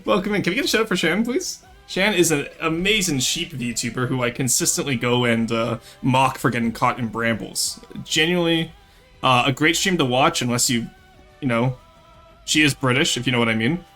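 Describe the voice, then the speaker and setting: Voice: medium pitch, lively intonation, moderate pace, fairly bright tone, soft background music. A VTuber streamer chatting casually with viewers at home, teasing and laughing often. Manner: joking and teasing, laughs often, talks straight to chat. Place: home, second-floor room.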